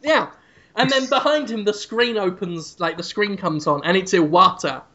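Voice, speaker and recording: A male podcast host who tells an absurd, rambling story in a deadpan way. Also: high voice, moderate pace, dull audio. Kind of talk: comedic improvised storytelling.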